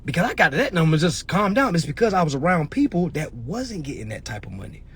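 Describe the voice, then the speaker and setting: A man's voice: fairly high pitch, big pitch swings, fast, fairly bright tone, breathy edge. A man in his twenties hosting a livestream, giving a blunt, profane motivational talk. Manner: blunt, preachy, swearing freely. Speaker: livestream host.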